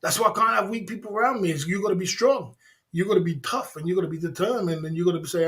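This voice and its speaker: A man's voice: high-pitched, quick pace, fairly bright tone. A man hosting a livestream, talking casually and emphatically, repeating himself and laughing often. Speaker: livestream host.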